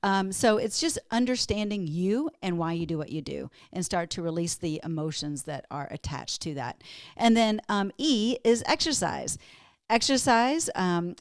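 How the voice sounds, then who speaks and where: A woman's voice: lowish voice, animated, moderate pace, dry recording, clean studio sound. A woman from Minnesota, a wellness guest on a podcast interview, telling stories in an upbeat, motivational way.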